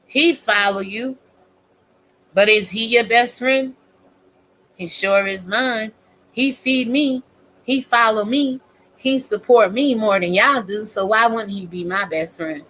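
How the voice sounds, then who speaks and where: In a casual vlog rant, a woman with a slightly high, somewhat bright voice preaches from scripture while swearing constantly, fiery and profane. She speaks slowly with long pauses, and the poor audio carries a faint hiss or hum.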